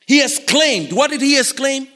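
A man preaching a sermon in a lively, animated way, constantly putting questions to his congregation, in a church. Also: very high-pitched, moderate pace. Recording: reverberant hall.

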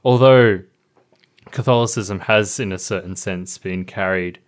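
Deep-voiced man musing aloud. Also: a little slow. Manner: thoughtful, rambling, with many fillers. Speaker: podcast co-host. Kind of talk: casual chat.

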